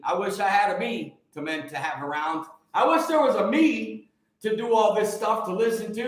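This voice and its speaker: A man hosting a casual livestream chat, excitable and energetic, often repeating words for emphasis. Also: high-pitched, very echoey. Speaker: livestream host.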